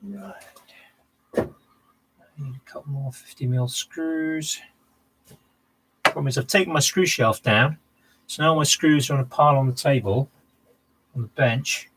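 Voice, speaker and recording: A man's voice: mid-range voice, measured pace, long pauses, a bit bright, husky, rough recording. A man live-streaming from his home workshop, chatting casually to viewers and thinking aloud between tasks. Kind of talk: casual chat while working.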